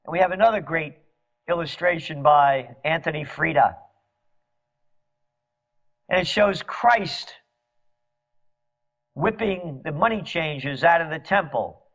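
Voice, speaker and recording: A man delivering a sarcastic, mocking monologue as a commentator, at times rising to shouts. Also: fairly high pitch. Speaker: trend forecaster and commentator. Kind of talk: ranting monologue. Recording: dull lo-fi audio.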